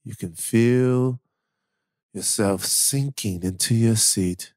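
A man voicing a calm male meditation-app guide in a whispered role-play, speaking slowly and softly. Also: no room sound, studio quality. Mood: soothing. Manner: slow, low, soft-spoken guided meditation delivery.

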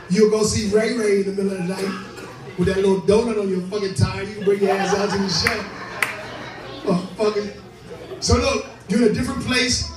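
A man's voice: sits high, fairly even intonation, normal speed, long pauses, music in the background. A man doing profane, brash stand-up crowd work at a live club, laughing often and a bit drunk. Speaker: comedian hosting a show. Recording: echoey room, distant mic, crowd noise.

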